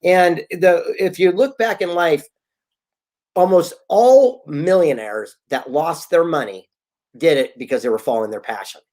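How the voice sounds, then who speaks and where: A man being interviewed as a guest author, telling stories in a casual, animated way and acting out the people he quotes. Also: a little high, a little slow. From Southern California. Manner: animated storyteller, acts out quotes.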